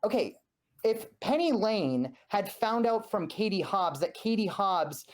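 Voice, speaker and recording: A man speaking as a podcast guest, telling an animated story full of acted-out quotes and frequent restarts. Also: high voice, unhurried. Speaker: guest, former journalist. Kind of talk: heated podcast conversation.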